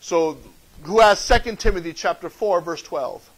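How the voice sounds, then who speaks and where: Man, preacher, high voice, animated, joking, church sermon. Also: moderate pace, rough recording. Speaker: pastor. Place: church sanctuary.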